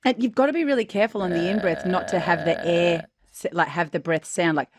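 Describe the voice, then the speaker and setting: A man's voice: high-pitched, fast talker. A man co-hosting a podcast, playfully trying out vocal tricks in casual chat.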